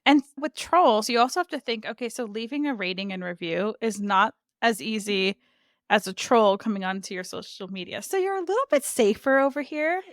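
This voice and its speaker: A woman's voice: fairly high pitch, animated, brisk, no room sound, clean studio sound. A woman guest on a podcast, chatting in an upbeat, candid way. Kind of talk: casual podcast chat.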